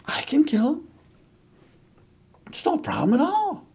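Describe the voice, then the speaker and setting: A man preacher voicing young David, an indignant eager boy who talks in a high, incredulous, urgent rush. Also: huge pitch swings, a little slow, darkish tone, exaggerated voice.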